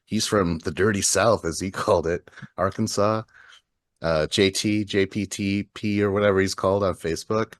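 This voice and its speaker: A man's voice: lowish voice, moderate pace, no room sound, studio quality. A man co-hosting a podcast, talking loosely with lots of fillers, restarts and swearing. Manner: rambling, swears often, many fillers and restarts. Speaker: podcast co-host. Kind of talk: casual chat.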